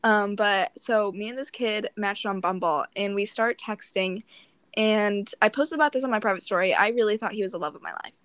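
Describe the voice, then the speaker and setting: A woman's voice: medium pitch, a little fast, a bit bright, clean tone, dry recording. A young woman co-hosting a podcast, telling a dating story in casual chat, swearing often and acting out both sides of the dialogue. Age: young adult. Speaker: podcast co-host.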